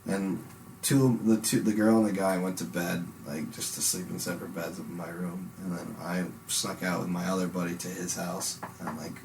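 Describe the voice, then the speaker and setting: Deep-voiced young man rambling a story. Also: flat delivery, normal speed, noisy background. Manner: rambling, swears a lot, bursts into loud high impressions. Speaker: podcast host. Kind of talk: casual chat, storytelling.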